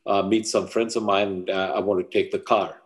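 A man's voice: deep voice, flat delivery, fairly quick, slightly rough. A man voicing a teenage boy who begs his mother for the car keys, pushing his voice up and insisting over and over. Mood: pleading.

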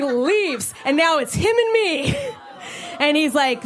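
A woman telling a comedic personal story in an animated way, acting out the voices of the people in it. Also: high-pitched, a little slow. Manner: animated, acts out quoted voices.

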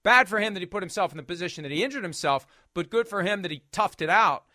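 A man's voice: sits high, animated, fast talker, bright, forceful tone, dry recording, clean studio sound. A man hosting a sports talk show, arguing emphatically and firing off rhetorical questions.

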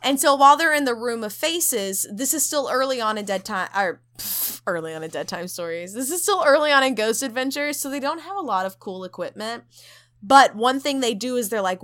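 A young adult woman co-hosting a podcast, casually retelling a story and acting out the quotes with loud jumps in pitch. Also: expressive, a little fast. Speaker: podcast co-host.

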